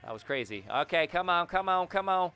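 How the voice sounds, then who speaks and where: A man giving casual, excitable commentary over his own gameplay, muttering to himself, then yelling when things happen. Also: brisk, smooth. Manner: excitable, swings between low muttering and sudden yells; talks to the game and himself, repeats phrases. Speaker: gaming video creator.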